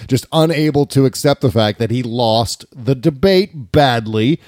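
A man's voice: medium pitch, a little slow, darkish tone, no echo, studio quality. Sarcastic man co-hosting a podcast. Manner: sarcastic, mocking. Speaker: podcast co-host. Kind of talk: casual political podcast chat. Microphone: studio mic with headphones.

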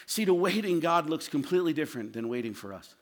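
A male pastor preaching a sermon with passion, swinging from loud shouted lines to low, quiet asides. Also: sing-song, quick pace.

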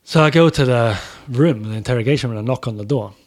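A man's voice: medium pitch, fast, darkish tone. Man telling a sweary band story. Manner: swears freely, acts out quotes, laughs while telling. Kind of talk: casual anecdote.

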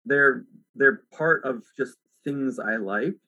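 A man hosting a podcast in casual chat, talking in a relaxed, rambling way with lots of filler words. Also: mid-range voice, takes it slowly, no room sound, lo-fi sound. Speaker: podcast host. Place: at home.

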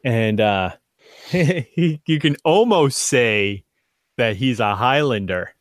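Brief: male game master, rambling narration, mid pitch, dry close sound. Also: animated, takes it slowly, dry recording. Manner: rambling, thinking aloud with fillers.

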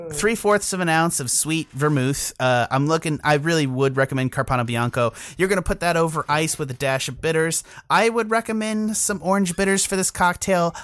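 A man's voice: fairly high pitch, fairly bright tone, clear, resonant tone, no echo. Rambling, profane podcast guy. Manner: rambling, profane, self-interrupting. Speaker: podcast co-host. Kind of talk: casual podcast chat.

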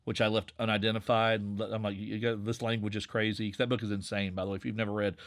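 A man in his forties from Southwest Virginia with an Appalachian accent and a slightly nasal voice, chatting casually in a relaxed, rambling way. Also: on the low side, fast talker. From Southwest Virginia, USA. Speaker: podcast creator and narrator. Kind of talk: casual conversation.

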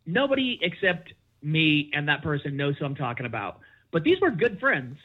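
The audio is narrow and tinny as a middle-aged podcast guest, speaking at a moderate pace, tells a candid story from his own life. Animated throughout, he acts out quoted back-and-forth with big pitch jumps.

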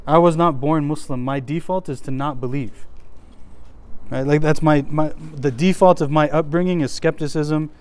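A man's voice: on the high side, fairly even intonation, normal speed, a little mellow, clean tone. Male religion teacher, casual lecture, resonant tone, voice slightly worn. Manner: chatty, frequent "like" and restarts. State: voice a little worn.

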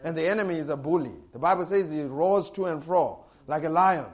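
A man preaches with a high, lively voice. He breaks into loud bursts when he quotes, and he laughs often as he talks. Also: fairly quick. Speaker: pastor. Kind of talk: sermon.

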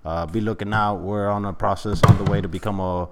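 Fast-talking low-voiced male guest. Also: steady tone, very noisy. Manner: upbeat, full of fillers like "definitely". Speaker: podcast guest, club chapter leader. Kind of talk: casual podcast talk.

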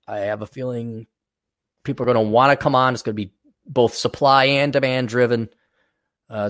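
A man hosting a solo podcast, ranting in a profane, sarcastic way and mocking people he disagrees with. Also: medium pitch. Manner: mock voices for people he ridicules. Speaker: podcast host.

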